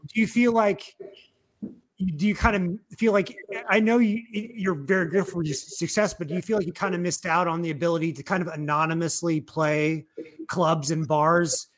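A man's voice: fairly high pitch, fairly even intonation, normal speed. A man hosting an interview, asking long, rambling questions with restarts. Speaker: interview host. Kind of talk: casual interview.

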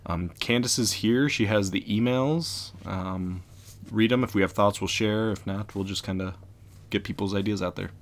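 A man's voice: on the low side, fairly even intonation, normal speed. A man co-hosting a podcast, chatting casually and laughing easily. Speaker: podcast co-host.

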